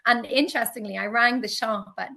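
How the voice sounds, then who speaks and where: A woman being interviewed, telling stories in a lively way and acting out her own past reactions. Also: fairly quick, vocal fry. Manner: animated, acts out her past self in high exclaims. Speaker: guest, teacher and candle maker. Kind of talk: conversational interview storytelling.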